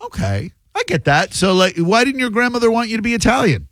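A man hosting a call-in radio show, teasing callers with quick, wisecracking comebacks. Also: high-pitched, big pitch swings, fairly bright tone, dry recording.

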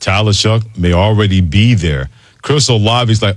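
Low-voiced sports radio host. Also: male voice, no echo. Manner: conversational, brisk read of promos. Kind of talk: sports talk radio hosting. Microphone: studio mic.

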